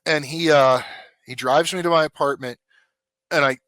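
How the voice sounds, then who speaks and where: A man's voice: fairly high pitch, normal speed, no room sound. A man, a former police officer, telling his story in a casual, blunt and profane way. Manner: blunt, profane, animated retelling.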